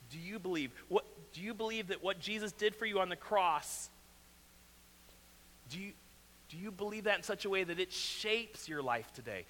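A man with a Southwest Missouri accent preaching a sermon as pastor, earnest, often repeating a question and dropping to a quiet, pressing tone. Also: on the high side. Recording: reverberant hall, faint hum.

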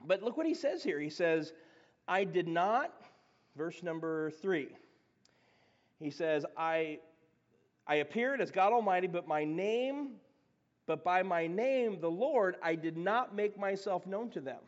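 A man preaching a sermon as pastor, talking in a conversational, animated way with frequent restarts. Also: sits high, measured pace. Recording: dull lo-fi sound in reverberant hall.

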